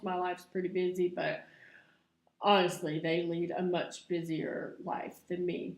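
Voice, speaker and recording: A woman's voice: on the low side, a little mellow. A middle-aged woman, chatting to camera in a confessional vlog and laughing often. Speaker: vlogger. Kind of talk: casual vlog chat to camera. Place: room at home. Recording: echoey room.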